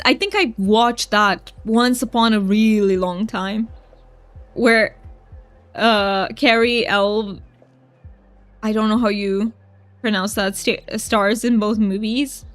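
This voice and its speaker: A woman with a voice on the high side streams a cozy game, chatting casually and reading her viewers' messages aloud. She's chatty and giggly, and the recording has no room sound.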